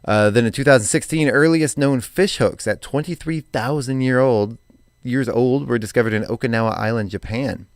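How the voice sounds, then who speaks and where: A man's voice: mid-range voice, normal speed, dry recording. A man co-hosting a morning radio show, reading daily items with chatty asides in a studio. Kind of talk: casual radio chat. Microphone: studio mic.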